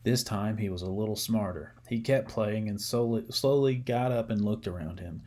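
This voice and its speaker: A man reading a story aloud, measured and gently expressive. His voice sits low, and he moves through the story at an unhurried storyteller's pace.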